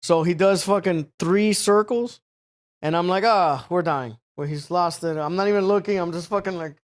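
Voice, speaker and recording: A man's voice: sits high, moderate pace. A man telling a long rambling story on a podcast, swearing often, full of filler words and acting out the people in it. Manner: animated, acts out other people. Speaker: podcast host. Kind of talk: casual storytelling.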